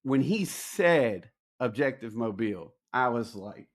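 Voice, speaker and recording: A man from spins a long story as a podcast guest, full of slang and swearing. He keeps slipping into the other people's lines as he tells it, in a voice of ordinary middle pitch. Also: unhurried. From Alabama, USA. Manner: slangy, profane, animated storyteller acting out quoted dialogue. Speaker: podcast guest, military veteran. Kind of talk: casual storytelling in a podcast interview.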